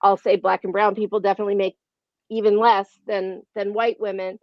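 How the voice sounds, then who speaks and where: A woman talks candidly on a panel, loose and conversational, often pausing on fillers. Her recording sounds dull and dry with no room sound. Her pitch sits in the middle. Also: little pitch movement, dry recording.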